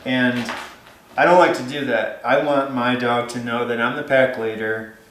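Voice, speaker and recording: A man talks casually about raising a puppy, circling back with lots of "you know" and "like." His voice is mid-pitched and comes through in a noticeably echoey room. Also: fairly even intonation, normal speed, fairly bright tone. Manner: rambling, many fillers and restarts. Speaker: dog trainer. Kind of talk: casual advice vlog.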